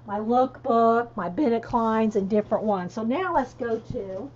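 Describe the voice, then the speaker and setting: A chatty woman with a lilt, talking casually and laughing easily as she answers viewers. Her voice sits a bit high. The stream audio is dull and lo-fi. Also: unhurried, darkish tone, a little hiss or hum. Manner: chatty, laughing, reads chat aloud. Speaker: coloring livestream host. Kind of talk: casual livestream chat.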